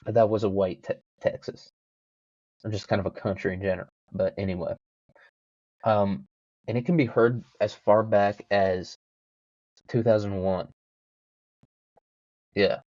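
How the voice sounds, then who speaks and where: A man's voice: fairly low pitch, fairly even intonation, measured pace, pauses often, no echo, muffled recording. A young man hosting a solo podcast, rambling casually with lots of swearing and self-mocking jokes. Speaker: podcast host.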